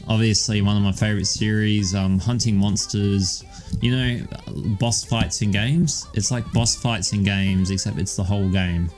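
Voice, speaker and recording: A young man co-hosts a podcast in a casual, rambling chat, swearing often and filling his talk with ums and "all right"s. His voice sits on the low side with fairly even intonation, a moderate pace and a slightly mellow quality. Soft music plays in the background.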